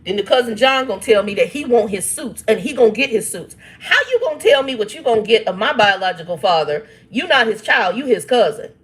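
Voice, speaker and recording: A channel host in her fifties talks briskly with few pauses, her slightly high voice full of expression. Addressing viewers directly, she tells a family story, reads live chat comments, and speaks emphatically with frequent laughs and exclamations.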